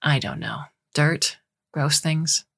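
A woman's voice: deep voice, very animated, slow pace, creaky, fairly bright tone, heavily acted. A woman voicing a weary, worried middle-aged mother who talks in a matter-of-fact way.

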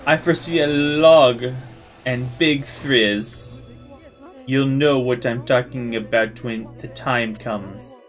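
A smug, flamboyant wandering prophet, put on by a man reading a game aloud, speaks with a broken mock French accent. His delivery is showy and drawn out, at an ordinary middle pitch. Faint game music plays underneath. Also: steady tone, slow pace, close to an everyday voice. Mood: smug, theatrical.

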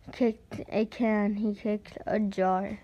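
A woman reading a children's picture book aloud, slowly and carefully, sometimes stumbling and restarting words. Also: medium pitch, level tone, highs cut off. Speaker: storybook reader.

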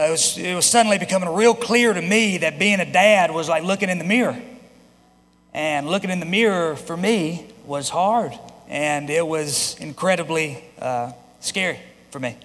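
A man's voice: a little high, a bit bright. A man in his thirties, a pastor telling a personal story in a sermon, conversational with frequent restarts. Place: church sanctuary. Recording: long reverb of a large hall.

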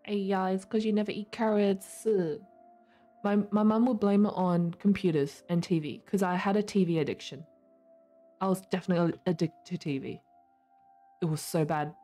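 A woman's voice: mid-range voice, moderate pace, mellow, soft background music. A young woman streaming, chatting casually with her viewers while she plays, laughing often. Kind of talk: casual chat while gaming.

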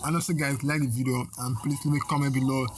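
A man hosting a gaming video, giving excited gameplay commentary and exclaiming a lot. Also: mid-range voice, fast, a little hiss or hum, low-quality recording.

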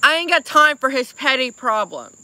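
A woman streaming live, angrily venting to her chat and apologizing over and over while clearly upset. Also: sits high, animated, normal speed, bright, forceful tone, no echo. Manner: angry venting, repeated apologies. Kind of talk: casual livestream chat.

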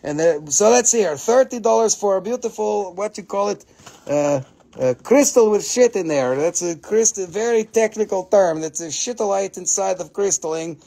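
A man hosting a live crystal sales stream, excitable and gushing, with casual swearing as he rattles off prices. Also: sits high, normal speed, gravelly.

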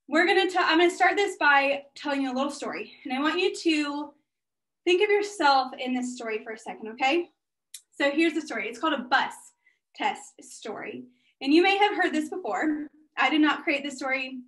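Upbeat high-voiced woman presenter. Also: fairly bright tone. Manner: upbeat, chatty and encouraging, speaking straight to the audience. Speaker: guest speaker and business owner. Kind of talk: energetic workshop presentation.

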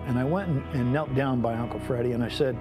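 Earnest pastor telling a heartfelt story. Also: male voice, mid-range voice, steady tone, fast talker. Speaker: staff pastor. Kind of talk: personal testimony story told on stage. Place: large arena event. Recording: music playing underneath. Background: music.

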